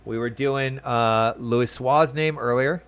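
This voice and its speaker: A man casually commentating his game session, chatty and excitable, often reading the on-screen text aloud. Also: mid-range voice, slow. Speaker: game streamer. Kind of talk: let's-play commentary.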